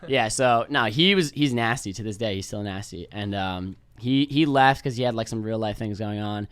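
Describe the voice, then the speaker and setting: A man's voice: fairly low pitch, moderate pace, fairly bright tone, clean tone, dry recording. A young man from New York, a podcast guest telling rambling, laid-back stories and swearing freely. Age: young adult. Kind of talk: casual storytelling chat.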